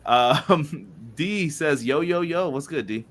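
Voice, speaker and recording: A man's voice: on the high side, animated, takes it slowly. A man co-hosting a wrestling podcast, casually reading out viewer chat messages and greeting people by name. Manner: upbeat, reads chat messages aloud, shouts out viewers. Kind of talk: casual live-stream chat.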